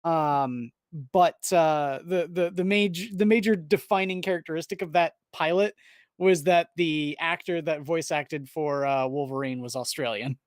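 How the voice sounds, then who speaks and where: Male co-host, halting delivery full of fillers, dry close sound. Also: on the high side, dry recording. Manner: hesitant, many fillers. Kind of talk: casual livestream chat.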